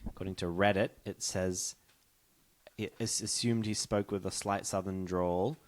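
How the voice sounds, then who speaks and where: A man's voice: low voice, fairly even intonation, measured pace. A man chatting casually as a podcast guest, thinking aloud with fillers. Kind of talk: casual movie chat.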